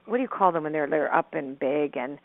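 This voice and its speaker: A middle-aged woman telling a personal story as a caller, animated and rambling, with restarts and frequent laughs. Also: sits low, a little fast. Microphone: telephone. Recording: tinny phone line.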